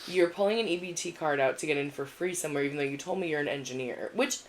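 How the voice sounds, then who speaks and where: A woman co-hosting a podcast, chatting casually and agreeing quickly. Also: low voice. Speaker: podcast co-host. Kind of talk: casual chat.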